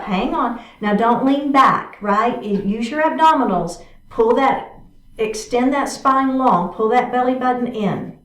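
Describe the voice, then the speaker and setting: A yoga instructor leads a chair yoga class in a fairly high voice, encouragingly calling out each move step by step and often checking in on how it feels. She's some distance from the mic, so the room's echo comes through.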